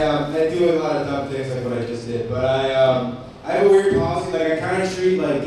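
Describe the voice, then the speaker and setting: A man's voice: fairly high pitch, darkish tone. Rambling stand-up comic man, echoey room. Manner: rambling, self-deprecating, many ums and restarts. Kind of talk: stand-up set at an open mic. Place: cafe open mic, indoors. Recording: very echoey room, distant mic, faint noise.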